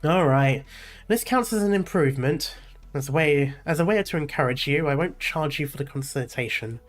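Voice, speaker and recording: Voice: medium pitch, lively intonation, moderate pace, soft background music, close to an everyday voice. A streamer reading out a stern, caring young woman doctor in a game's story, firm and scolding in an everyday voice.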